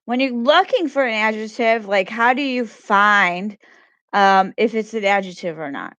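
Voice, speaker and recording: A woman's voice: mid-range voice, a little slow, a bit bright, no room sound. A woman teacher giving a grammar lesson to children, patiently repeating questions and praising answers.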